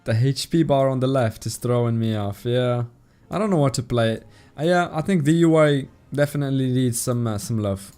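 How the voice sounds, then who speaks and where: A man's voice: mid-range voice, normal speed, hardly any pauses, dark tone, clear, resonant tone, faint music behind. A man with a non-native English accent streaming a game, chatting casually and thanking viewers in chat as he plays. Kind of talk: casual live-stream commentary while playing.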